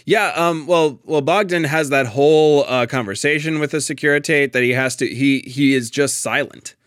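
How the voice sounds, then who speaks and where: A man's voice: fairly high pitch, moderate pace, a bit bright, clean tone, no room sound, studio quality. A man in a casual, thoughtful discussion of a play, often restarting his sentences and laughing lightly.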